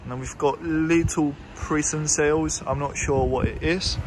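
A man's voice: fairly high pitch, fairly even intonation, a little slow. A man narrating a casual travel vlog outdoors by the sea. He rambles a little and guesses at place names. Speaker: travel vlogger. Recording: loud wind noise outdoors.

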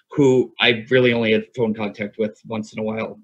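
A man's voice: lowish voice, little pitch movement, normal speed, slightly rough. A man in his thirties telling a long story in casual podcast chat, rambling, swearing freely and laughing often. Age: 30s. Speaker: podcast co-host. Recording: single USB mic, lo-fi.

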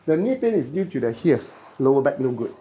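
A chiropractic therapist with a Malaysian English accent, instructing a client in clipped, playful phrases during treatment and mimicking cracking sounds. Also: male voice, mid-range voice, sing-song, a little fast, lo-fi sound, a little hiss or hum.

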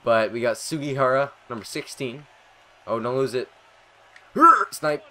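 A young man giving live commentary over a video game, excitable and rambling, swearing often and talking to himself. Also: mid-range voice, normal speed. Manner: excitable, swears a lot, rambling self-talk. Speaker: gaming commentator.

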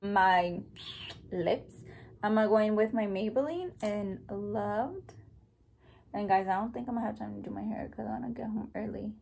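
A woman's voice: medium pitch, normal speed, vocal fry, darkish tone, a little hiss or hum. A young woman, chatting casually through a makeup tutorial and mixing in Spanish words and casual swearing. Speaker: beauty vlogger.

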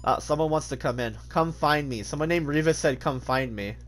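A man's voice: fairly high pitch, brisk, a bit bright, soft background music. A man streaming a game, chatting casually with lots of swearing, jokes and laughter. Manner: joking, swearing, laughing often. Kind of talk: casual gaming commentary.

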